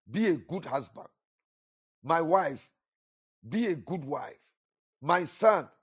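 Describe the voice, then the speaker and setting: A man's voice: fairly high pitch, husky. A man preaching a sermon with emphatic, repetitive delivery, rising and falling for effect. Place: church.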